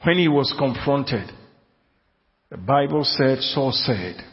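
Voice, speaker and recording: A man preaching a sermon, emphatic, repeating key phrases slowly and asking the congregation if they are listening. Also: mid-range voice, animated. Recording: dull audio in a long-reverb hall.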